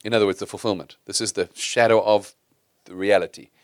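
A middle-aged man preaching from the pulpit in a relaxed, conversational manner, often turning to the congregation with questions. His voice sits low, and it is recorded close and dry with little room sound. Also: brisk, no room sound. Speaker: pastor. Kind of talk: sermon.

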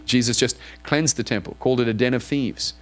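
A man's voice: medium pitch, steady tone, a little fast. A man preaching to his congregation in church, reading scripture aloud and then asking it probing questions. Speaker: pastor. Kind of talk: sermon.

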